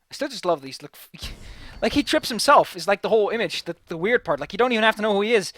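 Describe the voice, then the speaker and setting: Young man, gaming commentary, bright tone, slightly high, giggly and rambling. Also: animated, fast. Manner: giggly, rambling, swears casually. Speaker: let's play host. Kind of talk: gameplay commentary.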